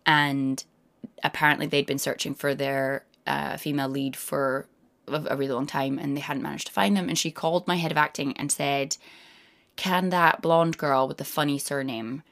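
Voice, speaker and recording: A woman in her thirties, a guest actor in a casual interview, telling animated stories and slipping into quoted voices. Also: sits low, brisk, vocal fry.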